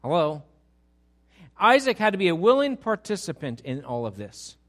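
A middle-aged man preaching a sermon as pastor, animated and full of rhetorical questions to his congregation. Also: sits high, moderate pace.

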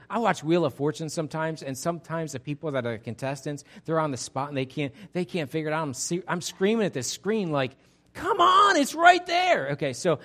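A man as pastor giving an interactive sermon, energetic and chatty with frequent restarts. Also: on the high side.

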